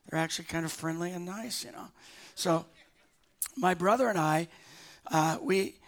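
Man, pastor, high voice, chatty storytelling sermon, restarts. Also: a bit bright. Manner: conversational, with restarts and fillers.

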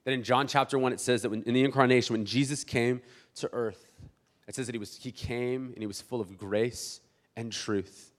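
A man in his thirties preaching a sermon as a pastor, animated and conversational, acting out church members and often restarting his words. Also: mid-range voice, normal speed. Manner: many restarts and repeated words.

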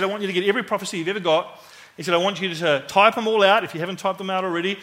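Animated New Zealand man telling a sermon story. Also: high voice. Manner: conversational, animated, acts out quoted voices.

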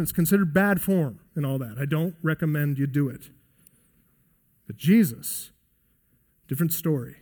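High-pitched man preaching emphatically. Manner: emphatic preaching with slow, stressed phrases. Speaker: pastor. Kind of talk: expository sermon.

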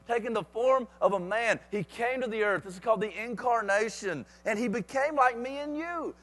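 A man's voice: very high voice, fairly bright tone. A man preaching a sermon with emphatic repetition and rhetorical questions.

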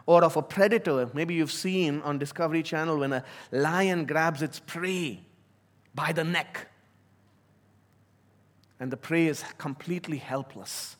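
A pastor delivers his sermon with earnest conviction, his voice sitting a little higher than most men's. He leans into important words and draws them out slowly for emphasis. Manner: earnest, emphatic preaching that slows on key words.

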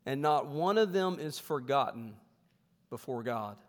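A man preaching as pastor in a church sanctuary, reading scripture slowly and then talking with humor in a conversational way. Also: medium pitch, animated. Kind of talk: sermon. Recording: long hall reverb.

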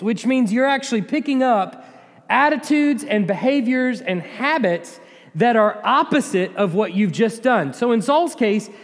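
Man, high voice, pastor, preaching, conversational and animated, long hall reverb. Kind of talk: sermon.

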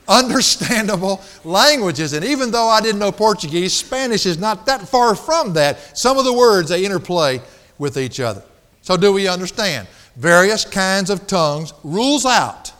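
A man's voice: sits high, fairly bright tone, long reverb tail. A man preaching a sermon, emphatic, drawing out key words and laughing at his own stories. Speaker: pastor. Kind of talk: expository sermon.

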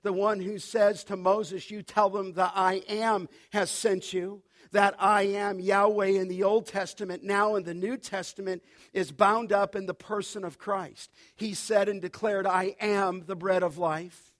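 Pastor, male, higher-pitched voice, emphatic sermon delivery with deliberate repetition. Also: flat delivery, fairly bright tone. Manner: emphatic, repeats key phrases, slows for quoted scripture.

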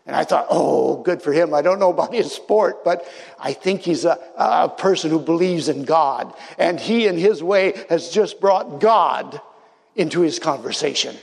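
A man's voice: on the high side, lively intonation, unhurried, creaky, husky, big-room sound. A man preaching a sermon as a pastor, telling stories in a reflective way and dropping to near-whispers for emphasis.

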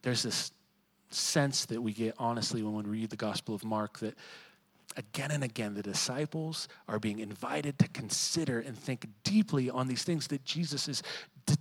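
Man preaching, quiet to emphatic. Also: mid-range voice, moderate pace, husky, low-quality recording. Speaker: pastor. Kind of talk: sermon.

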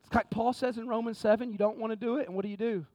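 A man preaching a sermon to his congregation, moving from hushed pleading to fervent exhortation. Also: high voice, fairly even intonation, racing, no room sound. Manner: repetitive preacher cadence, addresses the congregation directly. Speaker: pastor. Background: music.

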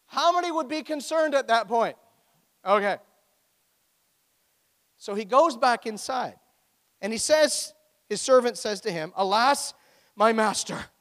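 Animated high-voiced male preacher. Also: measured pace, long pauses, long reverb tail. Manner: animated storytelling, acting out quotes. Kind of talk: sermon.

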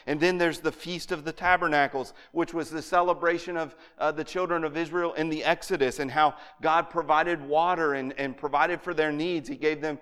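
A man's voice: fairly high pitch, fairly even intonation, moderate pace, few pauses, a bit bright, clear, resonant tone. A man teaching a lesson on scripture in an earnest, emphatic way, often restarting his words. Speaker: Bible teacher. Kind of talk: lecture on scripture.

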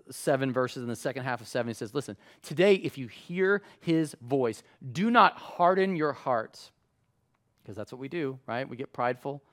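A man preaching a sermon in a conversational way, acting out quotes with lively voices. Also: mid-range voice. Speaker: pastor.

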